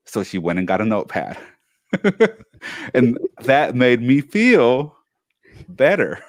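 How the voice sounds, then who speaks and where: A man co-hosting a talk show, telling a personal story in a casual, animated way and acting out the family members he quotes. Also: medium pitch, slow, long pauses, no echo, studio quality. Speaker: co-host.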